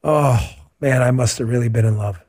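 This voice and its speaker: A middle-aged man hosting a radio talk show, chatting casually and answering listener questions as an animated, joking storyteller. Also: medium pitch, normal speed. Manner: animated, joking storyteller who acts out quotes.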